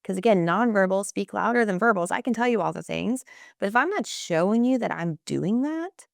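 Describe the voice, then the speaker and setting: A woman's voice: medium pitch, expressive, a little fast, vocal fry, no echo, clean studio sound. A woman speaking as a parenting coach on a podcast, affirming and repeating key phrases as she talks. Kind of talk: casual conversational podcast chat.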